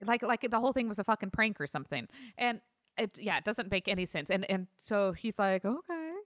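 A woman's voice: medium pitch, a little fast, no echo, clean studio sound. A woman in a casual chat about an old movie, agreeing and chiming in with short remarks.

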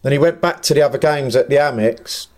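A man's voice: mid-range voice, fast, a little mellow. A man from England who manages a football team, a guest on a chat podcast, speaking plainly with many "yeah, no" fillers. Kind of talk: casual chat.

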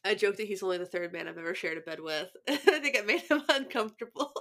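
A woman's voice: medium pitch, brisk, a bit bright. A young woman co-hosting a podcast, telling stories in a chatty way with frequent laughs and fillers. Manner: chatty storyteller, laughs often, many fillers. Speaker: podcast co-host. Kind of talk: casual chat.

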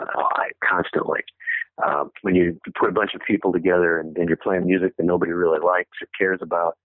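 A man's voice: low voice, no echo. A man telling stories as an interview guest, rambling with restarts and fillers and chuckling as he goes. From Michigan, USA. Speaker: interview guest, former punk band member. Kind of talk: casual storytelling in an interview. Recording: tinny phone line, dry.

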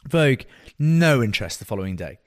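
A man's voice: medium pitch, sing-song, fairly quick, no room sound, clean studio sound. A man co-hosting a podcast, chatting casually and teasing his partner in playful banter. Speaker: podcast co-host. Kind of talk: casual chat.

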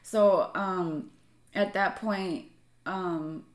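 A woman's voice: fairly low pitch, very slow. A young woman co-hosting a podcast, telling a long story in casual chat with lots of fillers. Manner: animated storytelling with frequent fillers. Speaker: podcast co-host. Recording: echoey room.

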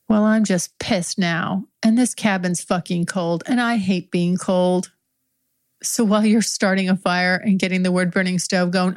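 A woman host improvising an erotic story in the second person, intimate, frank and profane, lingering on her words. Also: medium pitch. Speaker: podcast host.

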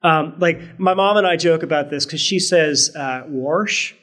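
As a guest on a conversational podcast interview, a middle-aged Virginia man speaks earnestly and reflectively, often restarting and tacking on "right?". His accent is mostly standard American with a faint Southern trace, and his fairly high voice is fairly bright at normal speed.

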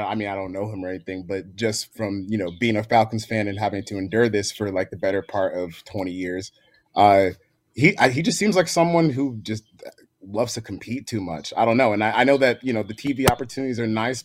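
A man giving his take on a sports podcast, hesitant with many fillers and repeated words. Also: mid-range voice. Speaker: podcast guest. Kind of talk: casual sports chat.

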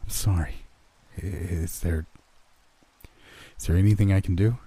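A man's voice: deep voice, fairly even intonation, a little slow, mellow, slightly rough. A man doing a skeptical young businessman. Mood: apologetic. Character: young male city businessman, skeptical and curious. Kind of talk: horror story reading.

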